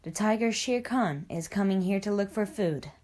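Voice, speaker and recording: A woman's voice: medium pitch, moderate pace, a little mellow, close to an everyday voice. Tabaki, a woman voicing a sneaky jackal. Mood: sly. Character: sly, scavenging male jackal. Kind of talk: storybook reading.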